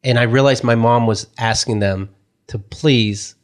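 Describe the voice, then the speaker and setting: A man telling a family story in a casual talk show chat. He is animated, rushes through some lines and jumps up high when he acts out what people said.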